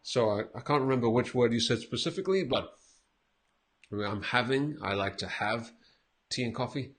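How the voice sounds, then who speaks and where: A man's voice: mid-range voice, moderate pace, fairly bright tone. A man teaching English, patiently correcting a learner's recording with repeated example phrases and small laughs. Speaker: English teacher giving feedback. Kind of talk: casual spoken lesson.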